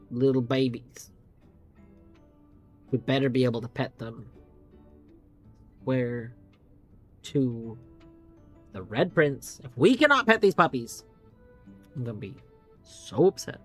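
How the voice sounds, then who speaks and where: A chatty game streamer rambles through a live playthrough, trailing off and cursing casually. Faint music plays underneath the voice. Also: mid-range voice. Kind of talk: live gameplay commentary.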